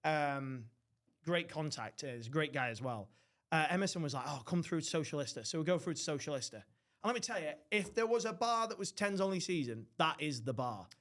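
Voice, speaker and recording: A young man spins rowdy holiday tales in loose podcast chat. His voice sits slightly high for a man, and he drops into quick impressions of the people he describes. The swearing is constant and casual. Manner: swearing, animated, mimics others. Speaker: podcast host.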